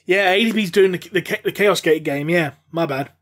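A man's voice: high voice, a bit bright. A man co-hosting a podcast, trading jokes and banter in casual chat. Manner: jokey, quick banter. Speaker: podcast co-host.

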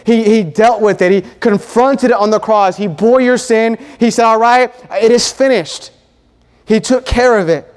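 A man with a high voice preaching in an earnest, emphatic way, driving his points home through repetition. His words ring out with a long reverb off the walls of a church sanctuary. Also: moderate pace, a little mellow. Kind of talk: sermon.

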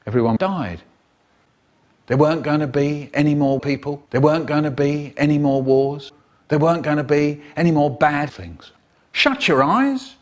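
A storyteller with a fairly high-pitched voice, speaking at normal speed, tells playful children's stories. The clip is a comedic spliced edit in which he acts out the characters using different voices.

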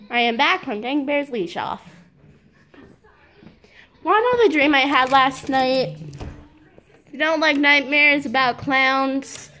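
A woman's voice: high-pitched, a bit bright. A woman vlogging casually to her viewers and her dog, playful and giggly, calling herself weird. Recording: noisy home video with wind.

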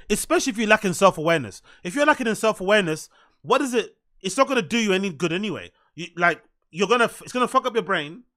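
London guy ranting on stream, high bright voice, blunt and sweary. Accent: London English. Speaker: commentary streamer. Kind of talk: reaction commentary.

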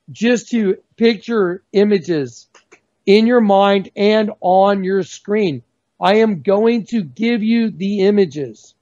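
A high-pitched man gives a fervent, emphatic religious testimony as a guest on a video call, slowing down to stress key words. The recording has a dull lo-fi sound.

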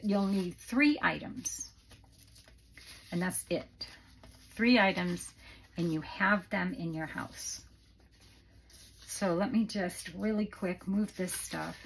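Woman, low gravelly voice, chatty rambling craft tutorial, slightly out of breath, faint hiss. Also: poor audio. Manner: chatty, rambling, many fillers. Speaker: craft channel host. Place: home craft room.

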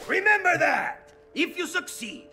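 Showy male talking book, very high voice, slow drawn-out delivery, game music behind. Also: very animated, gravelly, sharp tone, heavily acted. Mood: grandiose. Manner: theatrical, grand announcements. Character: flamboyant talking male love-guide book. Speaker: game character.

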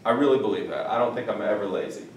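Male teacher, animated, joking, heard from a distance in a roomy classroom. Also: lowish voice. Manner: lively, jokey, stretches out Spanish words slowly. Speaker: Spanish teacher. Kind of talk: classroom vocabulary lesson. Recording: echoey room, mic at a distance.

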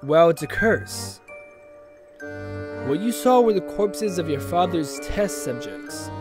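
Guy doing a smooth polite bald salesman, measured, voice sits a bit high, game music behind. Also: animated. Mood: smooth, calm. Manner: courteous, measured.

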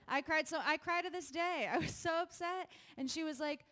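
A woman's voice: high voice, normal speed, few pauses, fairly bright tone. A young woman doing a stand-up comedy set on a live stage, chatty and self-deprecating, laughing between her jokes. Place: live venue with an audience.

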